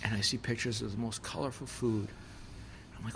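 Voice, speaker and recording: A man, a chef and podcast guest, telling a story in casual chat, animated and swearing, with lots of fillers. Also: fairly low pitch, fairly quick, vocal fry, a little hiss or hum.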